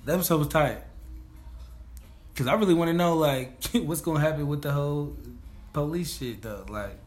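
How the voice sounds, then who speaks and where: A man's voice: on the high side, moderate pace, soft background music. A man co-hosting a casual podcast about TV shows, talking in laid-back slang, laughing often and acting out the characters' lines. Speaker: podcast co-host. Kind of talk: casual TV review chat.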